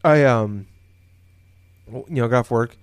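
A man's voice: medium pitch, measured pace, smooth, dry recording. A man co-hosting a podcast, telling a long story casually from his home office, rambling with many fillers and restarts. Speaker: podcast co-host.

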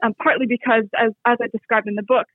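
A man's voice: very high-pitched, flat delivery, fast talker, dry recording. A Canadian man, an author, speaking thoughtfully in an interview and often restarting his sentences. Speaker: author and guest. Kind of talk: reflective interview talk. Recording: tinny phone-like line.

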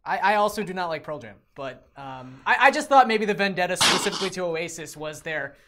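A man's voice: sits high, expressive, a little fast, noisy background. Dry, sarcastic male podcast co-host. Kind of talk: casual chat.

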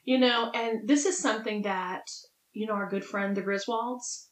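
A woman's voice: medium pitch, moderate pace, reverberant, rough recording. A woman co-hosting a podcast in casual chat, playful and teasing, laughing often. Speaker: podcast co-host.

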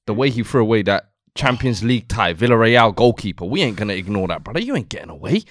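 A man bantering loudly about football on a podcast. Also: fairly low pitch, sing-song, fast talker, few pauses. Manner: loud, swaggering banter. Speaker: podcast co-host. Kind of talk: casual football chat.

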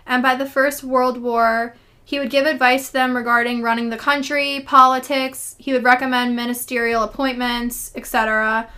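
A woman's voice: a little high, flat delivery, moderate pace, sharp tone. A young woman co-hosting a casual history podcast, chatty, laughing often and reading quotes aloud. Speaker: podcast co-host.

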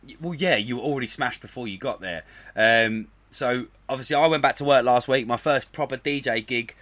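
A man's voice: medium pitch, fairly bright tone. A young man, co-hosting a podcast in rambling, sweary casual chat. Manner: rambling, swearing, quick to laugh. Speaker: podcast co-host.

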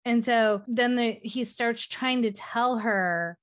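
Podcast co-host, female, a touch high, animated and profane storyteller. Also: slow pace. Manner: animated retelling with quoted voices, swears freely. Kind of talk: casual recap chat.

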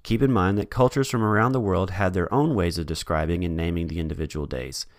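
A man's voice: low voice, a little fast, no echo, studio quality. A man hosting a podcast, reading a scripted history narration with wry, joking asides. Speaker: podcast host.

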